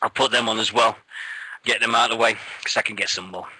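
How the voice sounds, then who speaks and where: A man's voice: lowish voice, steady tone, fast talker, bright, forceful tone, husky, no echo, rough recording. A man with an English accent hosting a casual wrestling radio show, blunt and full of swearing. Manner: blunt and sweary, laughs often. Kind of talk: casual chat.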